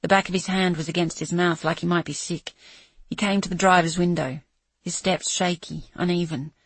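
Woman narrator, husky and dry, measured dramatic thriller reading. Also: fairly low pitch, steady tone, dry recording. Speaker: audiobook narrator. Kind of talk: scripted narration.

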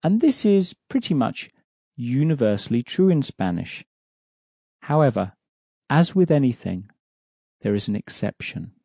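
A man teaching a language lesson, explaining pronunciation patiently and clearly. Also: medium pitch, sing-song, unhurried, dark tone, no room sound, studio quality. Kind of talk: explaining an audio course lesson.

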